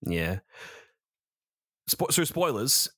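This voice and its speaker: A man's voice: medium pitch, very animated, very slow, a bit bright, breathy edge, no room sound, studio quality. A man co-hosting a podcast, reviewing films in a rambling casual chat, correcting himself and swearing freely. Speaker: podcast co-host, film reviewer.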